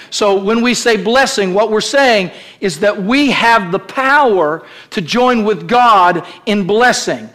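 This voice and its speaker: Male pastor, sermon delivery, high bright voice, builds to shouted peaks, calls on the congregation. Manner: preaching with rising, shouted climaxes and calls to the congregation. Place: church sanctuary.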